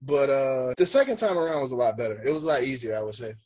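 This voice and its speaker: A man's voice: mid-range voice, fast talker, slightly rough, rough recording. A man on a video call, casually and emphatically telling a personal story as a guest. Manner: emphatic, animated, acts out dialogue. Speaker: guest, first-time father.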